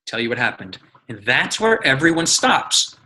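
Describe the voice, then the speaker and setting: A man coaching his team in casual, energetic talk, telling stories, acting out quotes and swearing freely. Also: medium pitch, normal speed, low-quality recording. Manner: energetic, profane, storytelling with acted quotes. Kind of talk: casual motivational teaching.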